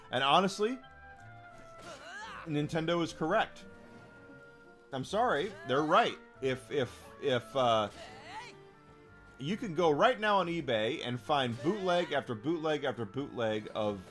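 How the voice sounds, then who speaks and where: A man's voice: mid-range voice, fairly bright tone. A man streaming a game who rants casually to his chat, emphatic and profane, repeating phrases for stress.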